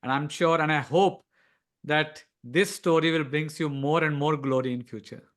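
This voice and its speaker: A man's voice: fairly high pitch, moderate pace, a bit bright. A man hosting a podcast, thanking his guest effusively over a video call. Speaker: podcast host. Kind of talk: closing remarks.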